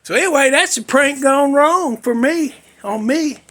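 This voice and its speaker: A man's voice: very high-pitched, a little slow, fairly bright tone. A male podcast host telling a story in a casual, folksy, rambling way, cussing freely.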